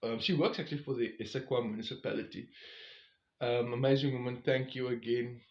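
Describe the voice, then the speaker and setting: A man tells a loose, casual story about his walk, full of fillers and side remarks. His voice sits at an ordinary pitch. The recording is roomy and a little dull. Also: steady tone, fairly quick. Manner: chatty, rambling with many fillers and asides. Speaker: vlogger on a long-distance walk.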